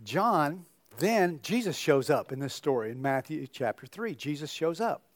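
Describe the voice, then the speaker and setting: A man's voice: on the high side, sing-song, normal speed, no echo. An older man, a pastor, giving a sermon in a conversational storytelling way with joking asides.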